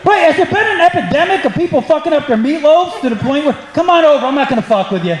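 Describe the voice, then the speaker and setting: Fast and extremely high-pitched, with lively intonation, a male comedian does crowd work during his stand-up set, teasing the live audience in a brash, profane way. The club sounds echoey and the audience laughs throughout.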